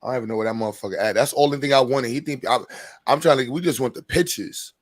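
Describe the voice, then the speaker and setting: A man's voice: mid-range voice, racing. Brash, joking man roasting his co-hosts. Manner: loud, profane, mocking banter. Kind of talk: casual stream chat.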